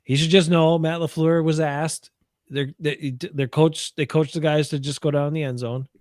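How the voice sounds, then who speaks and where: A man co-hosting a sports talk stream, exasperated with the plays and quick to swear. His voice sits a little high. The recording is close and dry. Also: level tone, a little mellow, no room sound. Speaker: podcast co-host. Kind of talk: casual sports chat.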